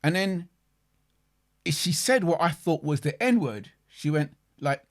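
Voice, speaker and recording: A man's voice: a little high, animated, takes it slowly. A man co-hosting a casual podcast chat, telling stories animatedly and often repeating words. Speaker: podcast co-host.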